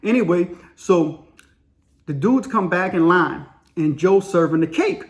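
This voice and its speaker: Guy rambling thru a story, slangy, lots of fillers, bit high voice. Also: animated, unhurried. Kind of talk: casual spoken storytelling.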